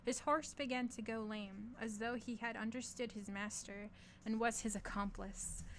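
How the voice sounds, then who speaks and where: A woman with a fairly high voice reads a short story aloud, in a casual, unpolished way. She trips over foreign words and laughs at herself now and then, with a faint hiss of noise underneath. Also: steady tone, normal speed, a bit bright. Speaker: reader of stories.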